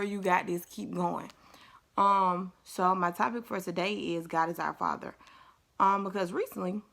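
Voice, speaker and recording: A young woman speaks in a relaxed, chatty devotional style, playful and encouraging. Her voice sits at an ordinary pitch and often drops into a gravelly fry. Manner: chatty, upbeat, playful asides with laughs. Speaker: faith vlogger. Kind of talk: casual devotional talk.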